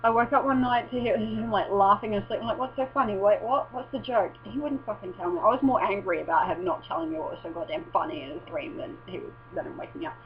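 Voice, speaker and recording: Speaking fast with hardly any pauses, this woman rambles casually at home for her vlog, swearing and frequently breaking off mid-sentence. Her voice sits in the mid-range, and the recording is dull and lo-fi with mains hum.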